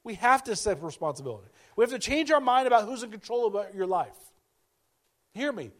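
A man's voice: high-pitched, lively intonation, fast, a bit bright. A male pastor preaching a sermon in a conversational way, repeating key phrases and acting out quoted voices.

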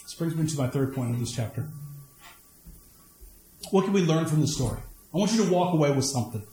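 A man preaching a sermon, mixing personal stories with scripture, swinging between high emphatic lines and low asides. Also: animated, brisk, dark tone, reverberant. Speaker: pastor.

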